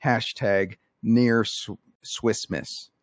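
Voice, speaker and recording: A man co-hosting a podcast, telling one-liners deadpan and coaxing his co-hosts to laugh. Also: fairly low pitch, extremely slow, no echo, studio quality. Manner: deadpan joke delivery, coaxing laughs with "come on". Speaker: podcast co-host telling jokes. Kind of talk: casual podcast banter.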